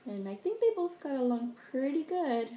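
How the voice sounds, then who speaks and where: A woman's voice: high voice, animated, normal speed, dark tone. A woman chatting casually as she unboxes craft supplies, gushing, delighted and gasping over each piece. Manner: gushing, easily delighted, gasps. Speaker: craft vlogger. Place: home room. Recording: echoey room, faint background noise.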